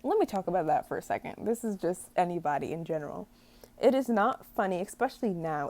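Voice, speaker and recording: A woman's voice: medium pitch, a little mellow. Exasperated young woman ranting to camera. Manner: rambling, exasperated, stumbles over words and laughs at herself. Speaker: vlogger. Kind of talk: casual rant to camera.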